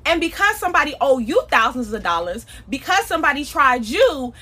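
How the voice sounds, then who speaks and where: A woman preaching a casual podcast sermon in a high, bright voice. She is emphatic and conversational, with slangy turns of phrase. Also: big pitch swings, fairly quick, slight background noise.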